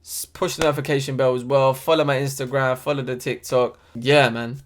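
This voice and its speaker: A man's voice: mid-range voice, flat delivery, brisk. A young man ranting in a vlog, heated and exasperated, full of slang. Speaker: football fan vlogger. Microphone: desk USB microphone.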